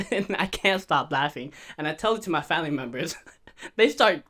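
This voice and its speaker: A man's voice: fairly high pitch, animated, normal speed, a bit bright. A young man telling a funny family story on a casual podcast, laughing often and acting out the quoted voices. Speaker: podcast co-host.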